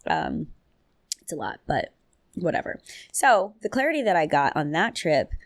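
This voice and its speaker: Woman podcast host, low voice, animated chatty delivery, dry close recording. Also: no room sound. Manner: chatty and animated, quick jumps in pitch, laughs often, loose slang. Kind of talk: casual solo podcast chat.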